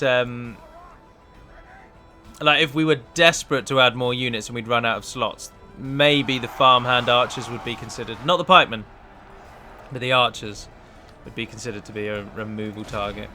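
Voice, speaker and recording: A man's voice: mid-range voice, pushed and bright. A man hosting a let's play, chatting through a strategy battle and breaking down unit stats in a casual, analytical way. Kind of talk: casual gameplay commentary.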